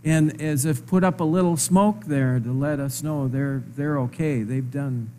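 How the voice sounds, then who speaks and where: A man preaching a sermon in a conversational way, asking his listeners rhetorical questions and stressing words slowly. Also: on the high side, dark tone, slight background noise. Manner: slow, emphatic phrasing.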